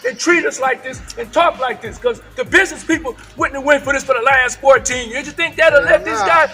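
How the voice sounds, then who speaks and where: A man delivers a fiery protest speech out in the open, his voice pitched very high and strained. He keeps circling back with "right?" to the crowd. Faint music plays underneath. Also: brisk, pushed and bright. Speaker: protest speaker. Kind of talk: rally speech. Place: outdoors at a rally.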